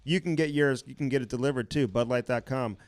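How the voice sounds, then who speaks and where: Podcast co-host, male, mid-pitch, salesy joking ad reads, dry close sound. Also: quick pace, no room sound. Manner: joking, salesy, rattles off sponsor plugs. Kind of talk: casual chat with live ad reads.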